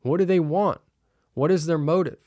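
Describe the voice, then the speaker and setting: A man hosting a podcast, giving an energetic sales-coaching monologue and acting out bits of dialogue with customers. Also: fairly high pitch, moderate pace, no room sound, lo-fi sound. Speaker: podcast host.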